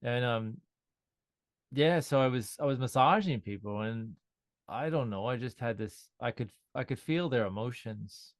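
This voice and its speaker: A man's voice: medium pitch, unhurried, dry recording. Sound healer man, casual interview, loose rambling delivery, dry close sound. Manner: relaxed, rambling with frequent restarts.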